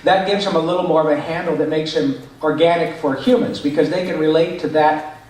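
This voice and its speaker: A man, a voice actor, answering fan questions at a convention panel in an animated way, now and then slipping into character voices. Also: fairly high pitch, brisk. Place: large echoey convention hall. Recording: echoey hall picked up from far off.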